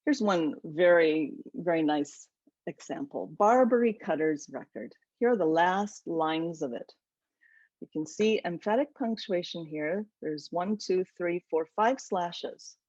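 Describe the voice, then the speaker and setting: Woman author, animated webinar talk, low-ish voice, dull video-call sound. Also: unhurried, dry recording. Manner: animated, enthusiastic storytelling. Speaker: author presenting her book. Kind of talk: webinar lecture.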